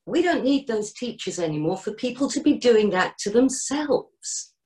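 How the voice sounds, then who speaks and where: Middle-aged woman coach, podcast guest; lively, expressive delivery, acts out voices. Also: mid-range voice. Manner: animated, gently encouraging, acts out inner voices. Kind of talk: podcast interview.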